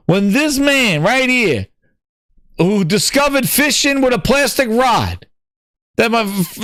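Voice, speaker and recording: A fired-up man with a high, bright voice rants about games, his pitch leaping all over as he swears and repeats himself. The sound is close and dry, with no room around it. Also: dry recording. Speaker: podcast host. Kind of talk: profane ranting gaming commentary.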